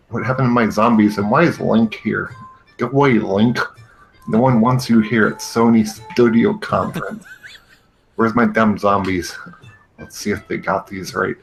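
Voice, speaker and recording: A man's voice: lowish voice, vocal fry, rough recording. A man hosting a comedy show, ranting with sarcastic exasperation and laughing often. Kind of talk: comedic rant, parody commentary.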